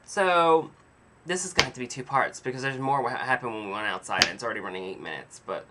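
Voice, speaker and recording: A man's voice: medium pitch, quick pace, very noisy. Rambling self-deprecating man vlogging. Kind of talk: casual storytelling.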